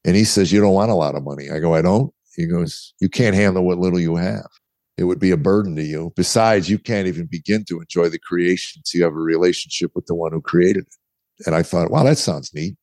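A man's voice: low voice, a little fast, a little mellow, no room sound. A middle-aged man, a guest author, telling his story candidly in conversation and acting out the dialogue he quotes. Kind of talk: interview storytelling.

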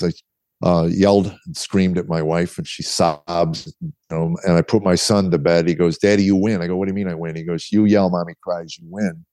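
A man's voice: low-pitched, mellow, no room sound. A middle-aged man, a guest author, telling his story candidly in conversation and acting out the dialogue he quotes. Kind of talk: interview storytelling.

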